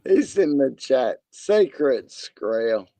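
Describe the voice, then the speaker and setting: A man's voice: mid-range voice, very animated, slow, warm tone, no echo. A man with an Australian accent joining a casual chat over a call, laid-back, sweary and giggly.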